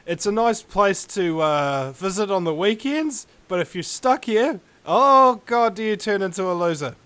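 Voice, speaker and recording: A New man hosts in loose, blunt chat, dry and quick to cuss mildly. His voice sits a bit above the usual male pitch. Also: expressive, fairly bright tone, clear, resonant tone, dry recording. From New Zealand. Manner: blunt, mildly cussing, wry. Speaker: host. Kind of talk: casual chat.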